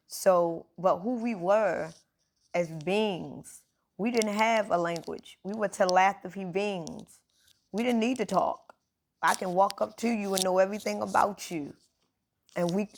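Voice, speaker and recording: Emphatic woman giving a casual spiritual talk. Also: lowish voice. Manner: informal and emphatic, addressing listeners directly. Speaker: spiritual speaker.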